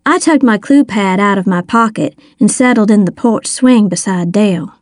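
A woman's voice: medium pitch, expressive, moderate pace, dry recording, studio quality. A woman narrating a first-person audiobook in a folksy, wry storytelling manner.

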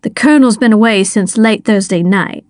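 A woman's voice: medium pitch, normal speed, a little mellow, dry recording, clean studio sound, close to an everyday voice. A woman reading an audiobook, voicing a wry, protective older woman. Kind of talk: audiobook character voice.

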